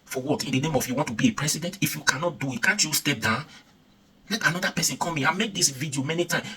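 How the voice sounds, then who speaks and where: Angry Nigerian male vlogger, rapid-fire rhetorical questions, heard from a bit back. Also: a little high, sharp tone, slightly rough, far from the mic. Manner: angry, fires off rhetorical questions, repeats himself. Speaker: political vlogger. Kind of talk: impassioned political rant.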